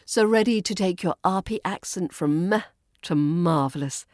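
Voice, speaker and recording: A woman with a British RP accent, teaching pronunciation in a playful podcast lesson and slowly modelling words. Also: lowish voice, a little mellow, dry recording, studio quality. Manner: crisp, playful teaching with slow demonstrated words. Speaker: accent coach.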